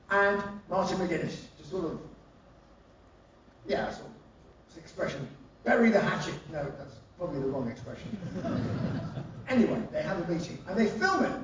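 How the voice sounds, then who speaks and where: A man, a rock singer, telling comic anecdotes live on stage with lots of swearing. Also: high-pitched. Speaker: rock singer giving a spoken-word show. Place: live concert venue. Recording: roomy live hall, distant and dull.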